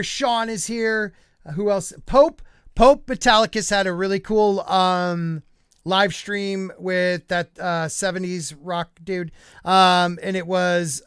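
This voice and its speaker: A man's voice: high-pitched, fairly bright tone, clean tone, no room sound, studio quality. A man hosting a livestream podcast, joking around and reading out viewer chat in a rambling, casual way. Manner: jokey, rambling, reads chat aloud. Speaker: podcast host.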